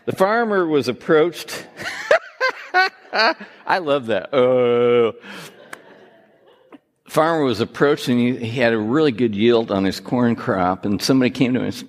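A man preaching a sermon, telling jokes and gently teasing himself and his listeners. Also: medium pitch, a little slow, long pauses. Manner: joking, self-teasing, lively. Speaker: pastor. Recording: reverberant hall.

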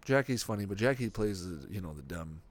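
Reviewing a sitcom on his podcast, a low-pitched man talks briskly, rambling in an animated, profane way and swearing often. The recording carries no room sound.

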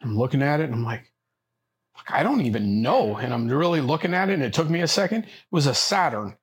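A man's voice: on the high side, lively intonation, fast. A man with a Southern US accent, a podcast co-host and father who rambles and searches for words in casual banter. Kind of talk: casual banter over drinks.

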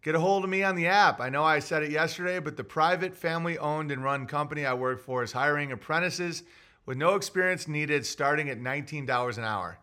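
A man with a fairly high, bright and forceful voice hosts a casual livestream. He rambles offhand, with plenty of fillers and restarts, and reads viewer messages aloud. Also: brisk. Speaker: livestream host reading viewer chats.

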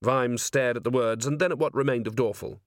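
A man narrating an audiobook in an expressive, dramatic reading. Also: mid-range voice, a little fast, dry recording, studio quality. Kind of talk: scripted narration.

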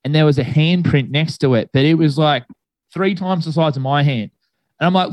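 A man's voice: fairly high pitch, fairly quick, a little mellow, no room sound, poor audio. A young man telling a ghost story to friends in a rambling, casual way, full of fillers and swearing.

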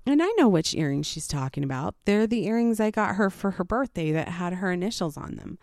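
Exasperated mom telling a story. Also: female voice, fairly low pitch, a little fast, a little mellow, no room sound, clean studio sound. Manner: wry, exasperated retelling. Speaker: mother of four. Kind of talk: personal storytelling narration.

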